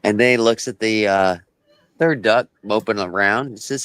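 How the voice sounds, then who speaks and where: A man chats on a homemade live stream, tripping over his words and going back over them as he spins a slow bar joke. His voice is dry and close. Typing on a keyboard can be heard behind him. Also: on the low side, a bit bright, dry recording. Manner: halting, repeats words, tells a joke slowly. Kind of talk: casual group chat on a live stream.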